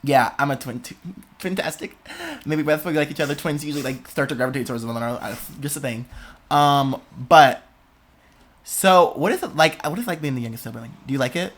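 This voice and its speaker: A young man hosting a podcast in casual chat, expressive and dramatic, laughing often. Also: a little high, a little fast. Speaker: podcast host.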